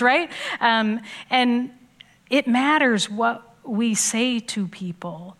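A woman's voice: mid-range voice, lively intonation, measured pace, a bit bright. Woman youth pastor in her 40s preaching, chatty, tells stories, laughs a lot. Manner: chatty, storytelling, laughs often, acts out quoted voices. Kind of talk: sermon.

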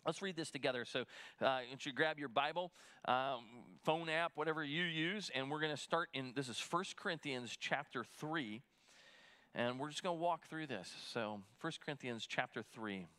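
A man's voice: fairly high pitch, moderate pace, pushed and bright. A middle-aged man, a pastor, giving a conversational sermon with a personal story, talking in restarts and fillers.

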